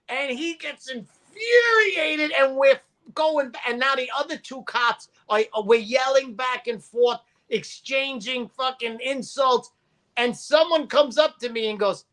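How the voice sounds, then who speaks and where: Guy, guest storyteller; punchy, bright tone, loud when he quotes people. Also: very high-pitched, a little slow. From Brooklyn, New York. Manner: animated, profane, acts out quotes loudly. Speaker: podcast guest. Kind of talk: casual storytelling.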